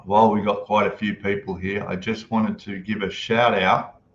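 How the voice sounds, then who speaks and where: Broadcasting a casual live stream from his home room in Thailand, a man greets viewers and reads out their comments in easy chat. His voice sits on the low side, level in tone, a bit bright, at a moderate pace. The echoey room gives dull lo-fi sound with faint noise.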